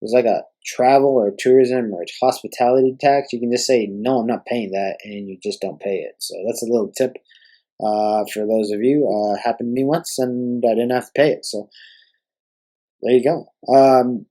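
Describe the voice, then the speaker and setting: Young male host, solo rant, exasperated and profane, mid-pitched. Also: fairly even intonation, moderate pace, mellow, poor audio. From Canada. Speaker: podcast host. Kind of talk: solo ranting podcast.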